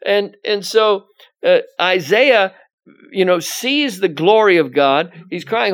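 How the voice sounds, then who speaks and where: A man's voice: high-pitched, slow, fairly bright tone. A male pastor giving conversational Bible teaching, rambling with many "you know"s and restarts, and reading scripture aloud with emphasis.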